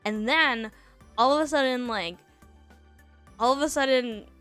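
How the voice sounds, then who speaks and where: A woman's voice: fairly high pitch, a little slow, a bit bright, clean tone, soft background music. A young woman streamer telling a story in casual chat, rambling with lots of fillers and laughs between thoughts.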